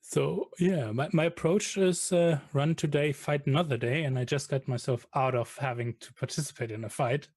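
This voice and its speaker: A man playing a tabletop game, talking hesitantly with many pauses and fillers. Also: on the high side, steady tone, a little mellow. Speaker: player.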